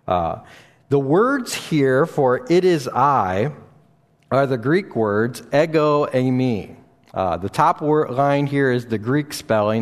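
A man teaching from the Bible in an explanatory way, often pausing and restarting his sentences. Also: mid-range voice. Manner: explanatory, with frequent fillers and restarts. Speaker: preacher. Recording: long reverb in a hall.

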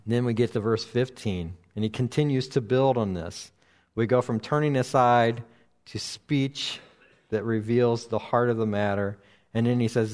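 A man teaching through a Bible passage verse by verse, speaking slowly and deliberately with frequent pauses and restarts. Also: mid-range voice, a little mellow. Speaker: preacher.

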